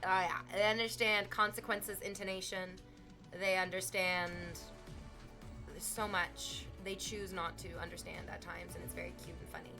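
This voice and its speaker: A woman's voice: fairly low pitch, flat delivery, measured pace, sharp tone, faint music behind. A woman streaming from home, chatting casually with viewers in a playful, teasing way, swearing freely.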